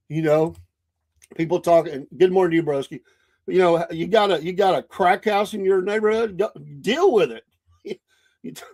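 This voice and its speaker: Southern podcast host, middle-aged man, folksy rambling storyteller, voice sits a bit high. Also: expressive, brisk, a little mellow. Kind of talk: casual monologue.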